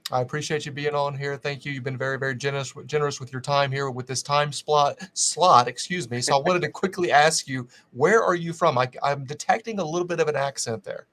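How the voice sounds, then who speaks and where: A man's voice: medium pitch, quick pace, few pauses, fairly bright tone. A man with a faded Southern accent hosting a casual interview, upbeat and fond of repeating words. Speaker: host.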